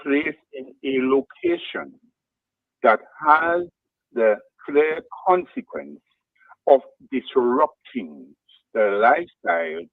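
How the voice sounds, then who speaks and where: A man on a radio talk show, speaking in a deliberate way and walking the other speaker through a chain of leading questions. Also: mid-range voice, animated, dry recording, phone-quality sound.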